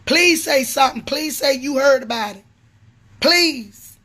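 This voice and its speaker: A woman's voice: sits high, a little slow. A middle-aged woman, a prophetess and pastor, ranting angrily on a livestream, swearing and repeating herself. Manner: furious, repetitive, swearing, sometimes shouting. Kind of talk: angry livestream rant.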